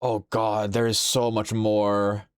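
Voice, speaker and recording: A sleepy young man chats as he streams a game, his voice low and his pace unhurried. He stays playful, quick to exclaim and laugh even while drowsy. The sound is dry and close, with faint game music underneath. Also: clear, resonant tone, dry recording. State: sleepy, yawning. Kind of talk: casual live-stream chat while playing a game.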